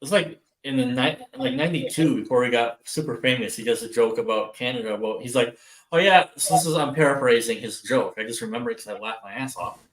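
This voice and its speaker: A man's voice: mid-range voice, fast, hardly any pauses, reverberant, poor audio. An older man with an Upper Midwest American accent from Wisconsin, rambling and swearing through a casual chat as a livestream co-host. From Wisconsin, USA. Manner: rambling, profane, laughs a lot.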